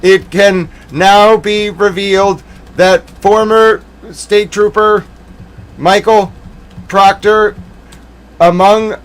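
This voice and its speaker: Male streamer, high voice, hammy mock-outrage rant, loud then muttered. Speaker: livestream commentator.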